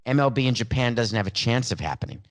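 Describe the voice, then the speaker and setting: A man's voice: medium pitch, lively intonation, fast talker. A man hosting a sports talk podcast, delivering a sarcastic, playful monologue with theatrical emphasis and asides, into a studio mic. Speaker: podcast host.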